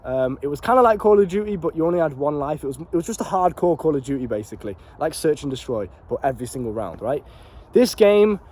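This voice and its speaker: A young man, telling a casual motivational story about a gaming inside joke. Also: fairly high pitch. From Britain. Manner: animated and swearing, slangy and repetitive. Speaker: vlogger and life coach.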